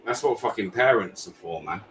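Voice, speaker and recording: Blunt British man, low voice. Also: animated, brisk, fairly bright tone, slight background noise. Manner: blunt, swears, says "mate". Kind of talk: heated casual debate.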